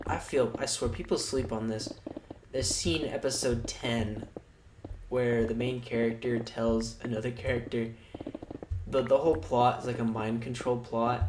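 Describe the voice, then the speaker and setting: A man chatting casually on a livestream, rambling and swearing in a sardonic way. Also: mid-range voice. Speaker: streamer. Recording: echoey room, noisy background.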